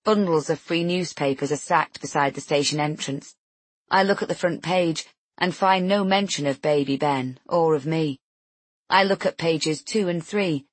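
A woman's voice: low-pitched, moderate pace, dry recording. A woman narrating a novel in first person, tense and introspective. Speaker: audiobook narrator.

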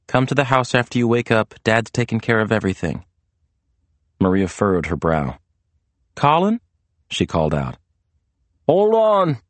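A man reading an audiobook in scripted narration, with an even, measured delivery. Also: rumbling low, no room sound.

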